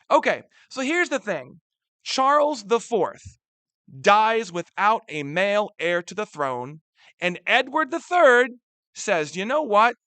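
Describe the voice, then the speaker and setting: A lively male history teacher talking through a map lesson with a high, bright, very animated voice. He keeps checking in with his listeners and punches key words. The sound is dry and close. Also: no echo. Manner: chatty, asks rhetorical questions and checks in with "right?". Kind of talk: recorded lecture over a map.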